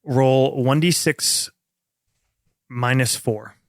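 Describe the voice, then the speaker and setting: A man's voice: medium pitch, extremely slow, no room sound, studio quality. A man narrating as game master of a tabletop role-playing game, setting scenes in an easygoing way.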